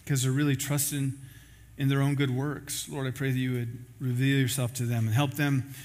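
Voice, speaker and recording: A man preaching as a pastor, telling a story with lively acted-out quotes before closing in prayer. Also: medium pitch, normal speed. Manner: storytelling, acting out quoted voices; ends in a spoken prayer. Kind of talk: sermon.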